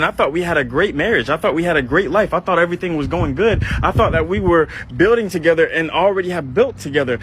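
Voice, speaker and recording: A man's voice: sits high, a bit bright, a little hiss or hum, rough recording. A man casually telling a personal story in the first person, in an earnest, conversational way with some restarts. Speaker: father telling a confession.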